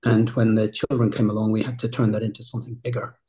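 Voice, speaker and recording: Man from Northern Ireland, club co-owner, husky timbre, steady measured delivery. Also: lowish voice, low-quality recording. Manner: measured, thoughtful, uses "right?" and "look". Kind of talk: casual interview chat.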